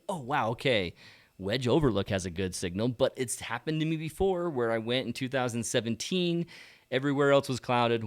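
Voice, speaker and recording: Sex: man. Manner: animated, self-talking. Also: medium pitch. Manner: animated storytelling, talks to himself. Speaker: photography channel host. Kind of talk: casual live-stream chat. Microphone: low-quality stream mic.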